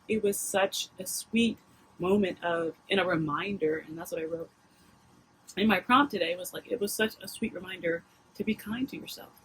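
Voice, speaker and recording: A woman in her thirties, a mom vlogging, talking in a casual confessional way with halting restarts and open emotion. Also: fairly low pitch, fairly bright tone, slight background noise, low-quality recording. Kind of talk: casual confessional vlog talk.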